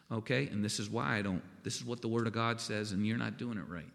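A man's voice: mid-range voice, a little fast, vocal fry, hardly any pauses. A man preaching a sermon in a folksy, conversational way, often checking in with "okay?". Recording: long reverb of a large hall.

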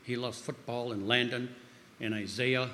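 Bright-voiced man preaching in a reverberant hall. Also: mid-range voice, steady tone, normal speed, slight background noise. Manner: rambling with frequent restarts and fillers; acts out quoted voices loudly. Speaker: speaker at a church gathering. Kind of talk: informal sermon with storytelling.

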